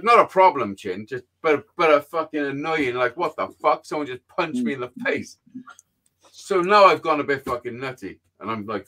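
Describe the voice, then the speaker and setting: A man telling a sweary, animated story in casual chat. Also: mid-range voice. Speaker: podcast host.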